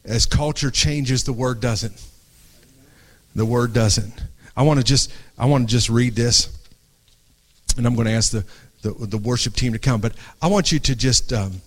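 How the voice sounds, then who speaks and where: A middle-aged man preaching an impassioned sermon to a congregation, dropping to a hush and then rising, often restarting phrases. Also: medium pitch, normal speed. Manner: earnest, swings from hushed to raised, restarts phrases. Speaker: pastor. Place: church before a congregation.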